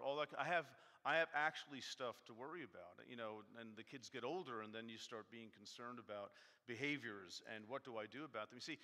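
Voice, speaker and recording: Animated man preaching in a reverberant church. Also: mid-range voice. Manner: self-deprecating, animated, mock-arguing with his text. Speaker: guest preacher. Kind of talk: conversational sermon. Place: church sanctuary.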